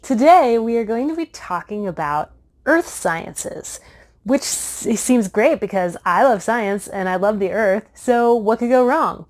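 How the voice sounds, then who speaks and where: A woman's voice: a little high, expressive, a little slow, darkish tone. Bubbly woman hosting a kids' science lesson. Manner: bubbly, chatty, playful. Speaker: science show host.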